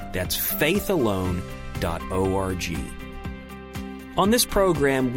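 A man hosting a religious radio show, reading an upbeat promotional outro in the studio. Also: mid-range voice. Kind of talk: announcer outro. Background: background music.

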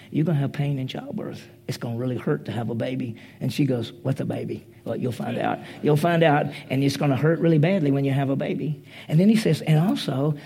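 A man's voice: fairly high pitch, gravelly, mellow, breathy edge. A man preaching a conversational sermon, acting out the quoted voices as he retells a story.

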